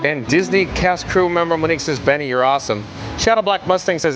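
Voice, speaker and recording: A man's voice: on the high side, animated, quick pace, over music, low-quality recording. Upbeat man reading live chat aloud. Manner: reads viewer comments aloud, upbeat. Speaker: livestream host. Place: outdoors at a theme park. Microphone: handheld microphone.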